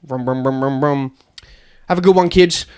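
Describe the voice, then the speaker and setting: A man with a high-sitting, sing-song voice plays a blind bus tour guide, a foul-mouthed woman, in a comedy storytelling podcast, speaking at a moderate pace. Irritated and scheming, she flips between cheerful tour patter and furious cursing.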